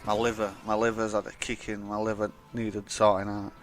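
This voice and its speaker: Low-voiced young man rambling a story. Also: monotone, brisk, soft background music. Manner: rambling, swears a lot, acts out quoted dialogue. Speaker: vlogger. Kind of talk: casual storytime monologue.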